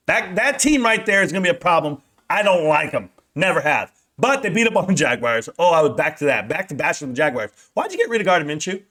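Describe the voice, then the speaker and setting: A young man with a notably high-pitched voice delivers an unscripted football rant. He is brash and mocking, tossing out "guys" and "bro" as he riffs straight to his viewers. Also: a bit bright. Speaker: sports vlogger.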